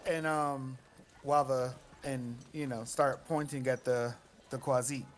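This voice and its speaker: A man's voice: mid-range voice, fairly even intonation, a little slow. A man playing a tabletop role-playing game who talks in a hesitant way, with many fillers and restarts. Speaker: player.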